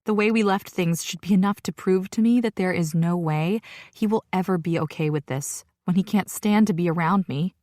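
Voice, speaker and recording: Lower-pitched woman narrating an audiobook. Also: moderate pace, a little mellow, no echo, studio quality. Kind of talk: first-person romance audiobook narration.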